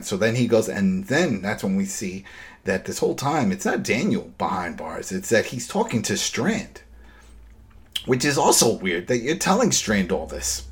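A man's voice: fairly low pitch, sing-song, normal speed, husky. A man hosting a podcast, recapping an episode in casual chat and acting out characters' lines with animation. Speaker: podcast host.

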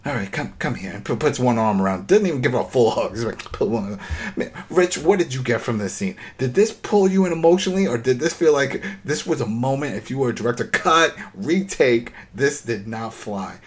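A man hosting a casual recap chat, talking in an animated, riffing way with incredulous outbursts. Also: mid-range voice, fairly quick. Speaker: podcast host.

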